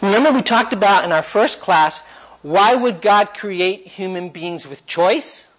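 A man's voice: sits high, a little slow, fairly bright tone, slightly rough, lo-fi sound. A man teaching a Bible class, asking the class questions and driving his points home with energy.

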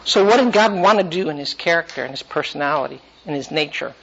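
A man's voice: fairly high pitch, lively intonation, fast talker, a bit bright, highs cut off. A man teaching a Bible class, asking the class questions and driving his points home with energy.

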